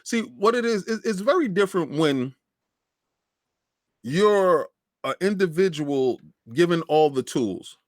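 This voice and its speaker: A man co-hosting a gaming podcast who tells stories in an animated, emphatic way. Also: sits high, a little slow, dry recording, studio quality. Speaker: podcast co-host. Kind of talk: casual podcast chat.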